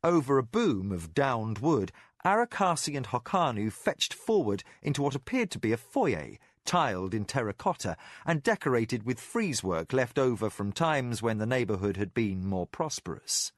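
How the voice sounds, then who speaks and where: A man narrating a fantasy audiobook in a measured, expressive storytelling voice. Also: medium pitch, dry recording, clean studio sound. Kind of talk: scripted narration.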